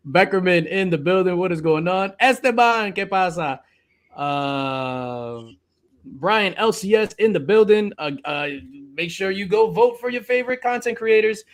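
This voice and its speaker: A man's voice: high-pitched, a little slow. A man hosting a casual live-stream podcast chat, loose and joking, swearing freely. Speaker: podcast host.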